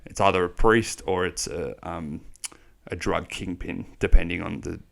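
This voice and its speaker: A young Australian man co-hosting a podcast, telling a long travel story in a rambling, animated way, full of swearing. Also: sits low, moderate pace, gravelly. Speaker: podcast co-host. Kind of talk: casual storytelling chat.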